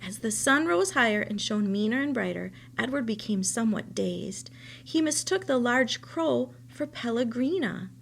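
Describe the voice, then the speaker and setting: A woman teacher reads a children's novel aloud in a fairly high voice with a gravelly edge. Her storytelling is steady and expressive, and a faint hum sits behind her. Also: moderate pace.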